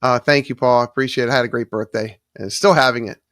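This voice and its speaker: A man's voice: mid-range voice, steady tone, quick pace, fairly bright tone, no echo, studio quality. A man hosting a live stream, chatting casually and rambling as he thanks viewers in the chat. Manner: rambling, restarts sentences often and thanks chat viewers by name. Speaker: livestream host.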